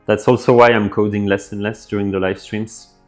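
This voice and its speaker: Laid-back low-voiced man streaming live. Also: a little fast, faint music behind. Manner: relaxed, thinks aloud with fillers, reads chat messages out. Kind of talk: casual live stream chat reading viewer comments.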